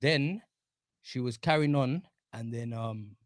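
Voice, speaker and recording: A man's voice: mid-range voice, slow pace, dry recording. A man insistently explaining a story in a podcast discussion. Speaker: podcast guest. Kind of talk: casual explaining.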